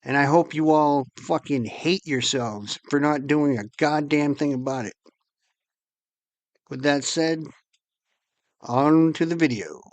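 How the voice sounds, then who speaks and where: A man's voice: on the high side, slow, pauses often, no echo, lo-fi sound. A man ranting angrily and profanely to his viewers as host of his channel. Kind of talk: angry monologue to camera.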